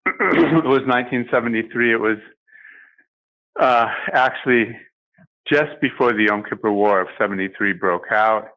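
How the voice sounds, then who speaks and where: An older man giving a personal testimony as an interview guest, speaking haltingly with many pauses and restarts. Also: mid-range voice, muffled recording.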